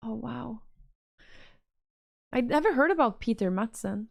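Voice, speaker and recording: A woman talks casually on a livestream, reacting to chat messages as they come in. Her voice sits a little high. The sound is close and dry, with almost no room. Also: lively intonation, measured pace, gravelly, pauses often, a little mellow, no echo. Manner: chatty, reacts to chat, reads messages aloud. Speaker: streamer reading chat.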